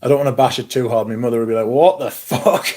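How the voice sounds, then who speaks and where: A British man hosting a casual livestream, chatty and excitable, swearing freely as he talks to his viewers. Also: mid-range voice, rapid-fire. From Britain. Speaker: livestream host.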